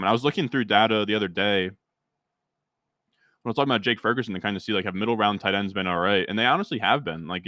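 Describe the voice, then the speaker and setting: A young man with a fairly low voice streams a fantasy football draft from home, rambling and talking back to his chat. His voice sounds dry and close on a desk mic. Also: fairly bright tone, no room sound. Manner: rambling, talks to chat, frequent fillers. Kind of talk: casual livestream chat.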